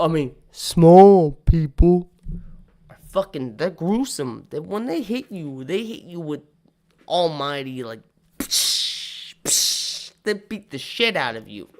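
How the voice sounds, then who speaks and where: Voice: mid-range voice, very animated, slow pace, a bit bright. A drunk vlogger spins a rambling story full of swearing. The words stumble and restart, and the telling keeps dissolving into laughter.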